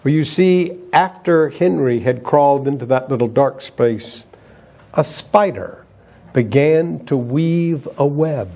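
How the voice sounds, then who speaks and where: A man's voice: fairly high pitch, takes it slowly, dark tone. A man preaching a sermon as pastor, emphatic and asking the congregation rhetorical questions.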